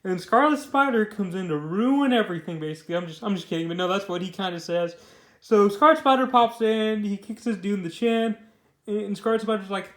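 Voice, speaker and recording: A young man with a fairly high voice talks through a comic book review in a loose, rambling way. He restarts sentences often and uses lots of filler words. The room around him rings with echo. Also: fairly quick, a bit bright.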